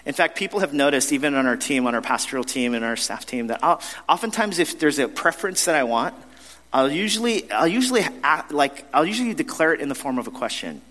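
A man's voice: a little high, very animated, quick pace, fairly bright tone. A man preaching a sermon as pastor, in a conversational, self-deprecating storytelling manner with frequent restarts. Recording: long reverb of a large hall.

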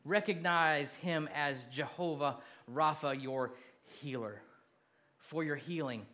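A man's voice: a little high, slow. Man preaching a sermon. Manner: preaching, building from soft to loud calls. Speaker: pastor.

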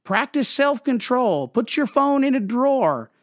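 Brief: a man doing God, blunt and practical, giving high curt orders in a dry close sound. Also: very animated, a little slow, dry recording, heavily acted. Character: God, male, blunt and matter-of-fact.

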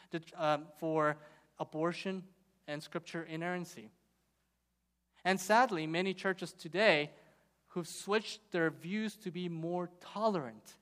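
A man's voice: on the high side, a bit bright. A male pastor preaching a sermon in an earnest way, rising to emphatic points.

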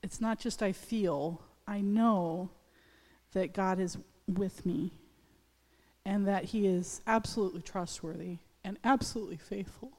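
A woman's voice: mid-range voice, warm tone. Hesitant woman pastor in echoing church. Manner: hesitant, halting, many restarts and fillers. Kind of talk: personal testimony in a church service. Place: church sanctuary.

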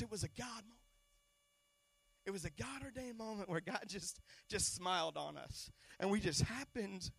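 A man in his thirties preaching a storytelling sermon, animated and stumbling over repeated words. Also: high voice, brisk, creaky, no room sound. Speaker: pastor.

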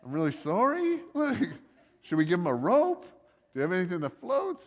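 A preacher voicing flustered, awkward sailors. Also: male voice, on the high side, sing-song, normal speed. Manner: hesitant, apologetic. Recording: long reverb of a hall.

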